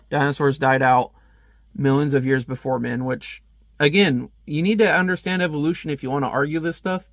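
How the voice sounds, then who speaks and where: A man's voice: fairly high pitch, a bit bright, no room sound. A man giving casual, joking commentary while reviewing a comic book page by page. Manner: chatty, joking asides.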